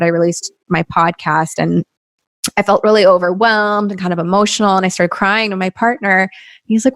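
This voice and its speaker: A woman with a mid-range, fairly bright voice hosts a podcast, recorded dry with clean studio sound. In this casual conversational interview she speaks earnestly and encouragingly, laughing easily.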